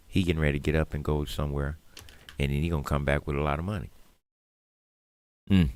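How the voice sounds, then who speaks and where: A man with a Detroit accent co-hosting a talk radio show, speaking in streetwise slang and growing loud and emphatic. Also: rumbling low, brisk, pauses often, clean tone, no echo, studio quality. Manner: animated, rising to loud emphatic rants; streetwise slang, laughs through hard talk. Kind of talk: casual talk radio monologue.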